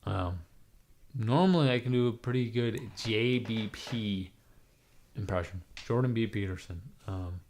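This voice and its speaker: A young man with a raspy, hoarse voice from being sick, rambling irreverently on a live stream with lots of fillers. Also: fairly low pitch, normal speed, darkish tone, a little hiss or hum. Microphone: webcam mic.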